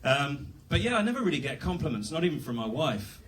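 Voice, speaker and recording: A man's voice: a little high, big pitch swings, fast, a bit bright, recorded from a distance, slight background noise. A young British man doing a rambling, self-deprecating stand-up set at a comedy club. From Britain.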